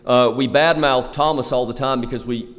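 A male pastor preaching a sermon, chatty with the congregation and emphatic on key points, slowing down to stress the scripture he reads. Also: mid-range voice, fairly even intonation, fairly bright tone, long reverb tail. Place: church sanctuary.

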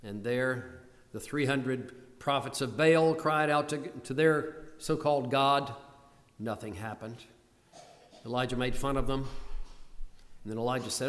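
A man's voice: mid-range voice, normal speed. An older man preaching a sermon, retelling scripture in a storytelling way and pressing hard on key lines. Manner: storytelling, rising to urgent emphasis in quoted pleas. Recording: long hall reverb.

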